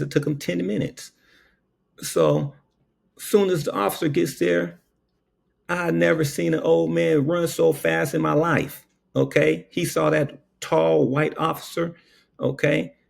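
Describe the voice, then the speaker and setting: A man's voice: a little high, gravelly, a little mellow, husky. A man who works as a paramedic, telling a story in a casual, preachy monologue and tagging his lines with "okay?".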